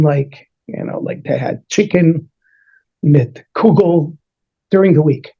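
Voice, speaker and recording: A man's voice: high voice, lo-fi sound. A man, a rabbi, telling a story to children, playfully acting out the characters' voices and mixing in Yiddish and Hebrew words. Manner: animated, acts out the characters' voices in short bursts. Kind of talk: storytelling to children over a video call.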